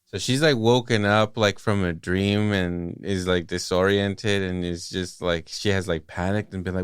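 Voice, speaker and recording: A man's voice: low-pitched, normal speed, few pauses, clean tone, no room sound, studio quality. A man co-hosting a podcast, chatting casually about a movie, laughing often and acting out stories. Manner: laughs often, animated retelling. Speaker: podcast co-host. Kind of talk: casual movie review chat.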